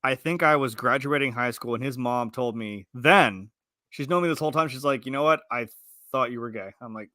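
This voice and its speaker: Co-host, man in his thirties; casual, rambling, acts out reactions; bright tone. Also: mid-range voice, fairly quick, dry recording, studio quality. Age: 30s. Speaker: podcast co-host reviewing films. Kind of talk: casual chat.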